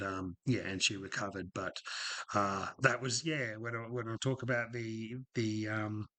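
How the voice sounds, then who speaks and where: A man's voice: on the low side, sharp tone. A middle-aged Australian man, a former paramedic, frankly telling stories from his career in a casual, rambling way full of fillers and restarts. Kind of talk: casual podcast storytelling.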